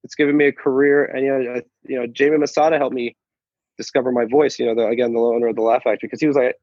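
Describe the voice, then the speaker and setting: A man's voice: medium pitch, steady tone, racing, a little mellow, no echo. A man, a stand-up comedian guest, chatting casually in an interview, stammering and restarting often and swearing freely. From Saudi Arabia then the U.S. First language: Arabic. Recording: dull, lo-fi sound.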